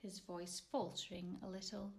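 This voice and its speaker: A woman narrating her own children's story in an expressive, measured way. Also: lowish voice, a little hiss or hum. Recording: roomy echo.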